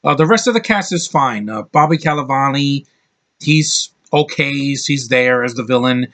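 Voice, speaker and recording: A man's voice: mid-range voice, normal speed, a bit bright. Opinionated man rambling through a film review. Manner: rambling and opinionated, with frequent restarts. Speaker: movie reviewer.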